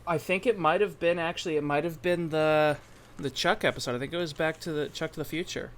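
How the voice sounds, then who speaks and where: A man's voice: a little high, steady tone, fairly quick, a bit bright. A young man co-hosting a casual podcast, talking in rambling, self-interrupting bursts. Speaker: podcast co-host. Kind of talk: casual anime podcast chat.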